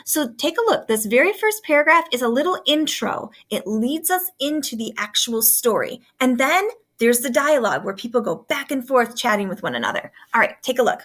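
A woman's voice: on the high side, very animated, fairly quick, a bit bright. A woman teacher giving a recorded writing lesson, upbeat and instructive as she addresses students.

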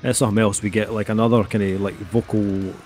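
A middle-aged man with a low voice co-hosts a casual album review. He rambles along with plenty of fillers. Faint music plays underneath. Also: level tone, quick pace, a little mellow. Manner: rambling, heavy on fillers like "um" and "kinda".

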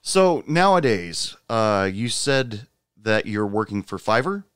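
Smooth-voiced easygoing male host. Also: lowish voice, takes it slowly, no echo, clean studio sound. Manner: relaxed, easygoing questions with "uh" fillers. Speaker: podcast host. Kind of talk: casual interview.

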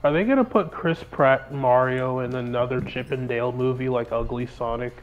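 A man's voice: medium pitch, moderate pace, muffled recording. A man co-hosting a podcast in casual group chat, with dry wisecracks. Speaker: podcast co-host.

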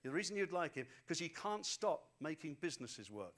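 Male pastor, high-pitched, energetic storytelling sermon delivery with repeated emphatic phrases. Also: normal speed.

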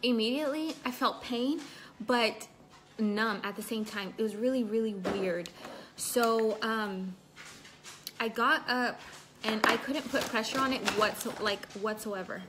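A young woman hosts a casual livestream from home, her voice a touch high. She talks loosely and keeps breaking off to thank and greet viewers. Faint background noise sits under her voice. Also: measured pace. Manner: chatty, reads viewer comments aloud. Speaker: livestream host. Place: at home indoors.

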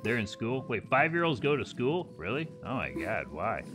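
Over game music, a male gaming streamer gives casual gameplay commentary in a mid-range, sing-song voice at normal speed. He's crude and joking, swearing often.

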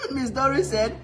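A woman's voice: high-pitched, fairly bright tone. A middle-aged woman hosting a home cooking stream, chatting casually, teasing and laughing often. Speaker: cooking livestream host. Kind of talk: casual chat.

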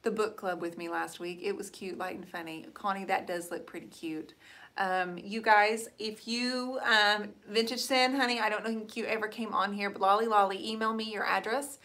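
A woman's voice: medium pitch, steady tone, moderate pace, sharp tone. A middle-aged woman hosting a live painting stream, chatting casually and answering viewers. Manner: chatty, rambling, reads out viewer comments. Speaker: host of a live painting show.

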